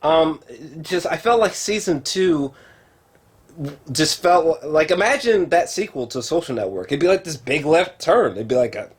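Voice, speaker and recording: A man's voice: on the high side, normal speed, husky. A man reviewing a TV show in a casual, rambling way, full of fillers and swearing, talking to a camera at home. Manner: rambling, profane, lots of fillers; excitable, talks straight to camera. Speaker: film and TV reviewer.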